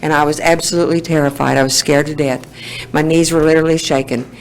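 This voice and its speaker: A woman's voice: deep voice, fairly even intonation, fast talker, rough recording. A woman giving a personal testimony talk at a recovery meeting, telling her story in a plainspoken, homespun way.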